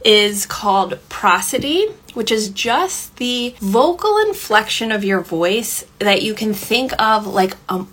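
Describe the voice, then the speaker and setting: A woman hosting a parenting podcast, explaining tips in a relaxed, chatty way, often checking in with "okay" and slowing down to stress points. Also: mid-range voice. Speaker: podcast host and parenting coach. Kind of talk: casual podcast teaching.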